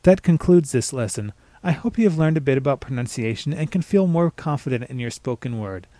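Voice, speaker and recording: A man giving a scripted pronunciation lesson, spelling out words letter by letter and slowly demonstrating the sounds. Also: medium pitch, lively intonation, mellow, no echo. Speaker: language teacher.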